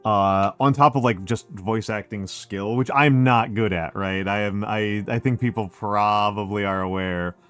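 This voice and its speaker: A man's voice: fairly low pitch, measured pace, few pauses, fairly bright tone, clear, resonant tone, faint music behind. A middle-aged man from Chicago with a Chicago accent touched by New York, chatting casually on a stream in a rambling, self-correcting way full of fillers. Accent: Chicago with some New York. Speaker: VTuber streamer.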